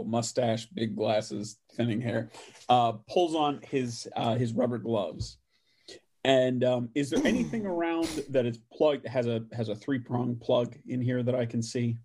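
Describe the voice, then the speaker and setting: A man playing in a tabletop game, describing his character's actions thoughtfully with many pauses. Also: medium pitch, a little mellow. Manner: thoughtful, hesitant, many ums. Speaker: player.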